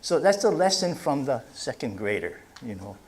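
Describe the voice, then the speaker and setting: A man, an author, giving an unhurried public talk and reading quotes, with frequent ums and uhs. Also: medium pitch, big pitch swings, darkish tone, husky.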